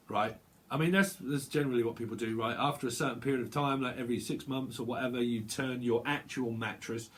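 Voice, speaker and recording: Rambling, chatty tarot reader. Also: male voice, medium pitch, a little fast. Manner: rambling, chatty, many fillers and restarts; acts out little quoted voices, bursts of laughter. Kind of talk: casual livestream tarot reading.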